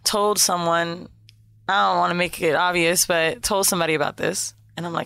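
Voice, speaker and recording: A woman's voice: fairly low pitch, steady tone, moderate pace, gravelly, pushed and bright, clear, resonant tone, dry recording. A woman co-hosting a podcast, telling a story bluntly with plenty of swearing. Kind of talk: casual chat.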